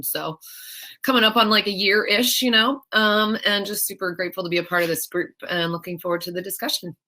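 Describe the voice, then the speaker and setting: A woman gives a rambling introduction on a video call panel. Her voice sounds bright and forward. She moves between thoughts with plenty of fillers. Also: lowish voice. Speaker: panelist, cannabis activist.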